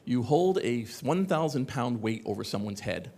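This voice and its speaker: At normal speed, a man gives a spirited conference talk in an echoey hall, his voice bouncing in pitch. He comes across as sarcastic and animated, often drifting off into comments aimed at the crowd.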